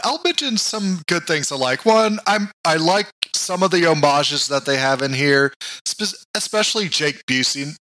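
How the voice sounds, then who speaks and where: A man's voice: fairly high pitch, sharp tone. A man co-hosting a casual movie podcast, chatty and laughing often. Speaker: podcast co-host. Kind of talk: casual movie review chat.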